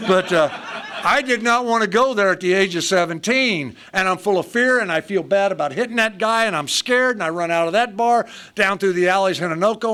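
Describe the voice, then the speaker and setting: Speaking live to an audience at a recovery meeting, a man in his sixties recounts his life story with humor. His voice sits high, pushed and bright, and he's blunt and self-mocking, using short, punchy sentences.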